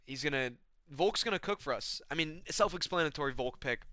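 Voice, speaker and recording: Bright, clear-voiced laid-back young man. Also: fairly high pitch, lively intonation, a little fast, dry recording, studio quality. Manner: laid-back, rambling, slangy. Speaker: vlogger. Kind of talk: casual comedic monologue.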